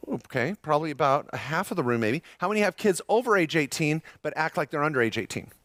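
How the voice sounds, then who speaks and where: A middle-aged man giving a live seminar talk to a room of listeners, lively and joking, often questioning the audience. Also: fairly high pitch, fast talker, dry recording. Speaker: seminar presenter.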